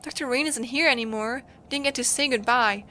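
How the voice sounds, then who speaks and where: A stubborn young engineer talks in a firm, reassuring way, her voice set high, as a woman reads her part. She sounds steady and caring. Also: brisk, slight background noise. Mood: gentle. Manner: firm and comforting.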